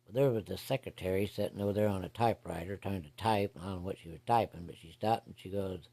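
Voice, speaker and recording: A man's voice: sits low, fast, few pauses, dark tone. A man casually telling a story from his own life in a blunt, folksy, profane way. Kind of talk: casual first-person storytelling.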